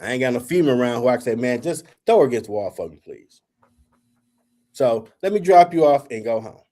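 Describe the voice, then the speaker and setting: A man's voice: mid-range voice, brisk. A man hosting a talk show, telling a story in casual chat, acting out the dialogue and swearing freely. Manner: animated, acts out quoted dialogue, swears freely. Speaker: podcast host.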